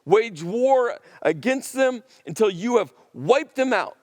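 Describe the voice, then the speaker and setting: Preacher doing a stern old prophet, indignant, high rebuking voice, hall echo. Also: male voice, animated, slow, studio quality. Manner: indignant, forceful.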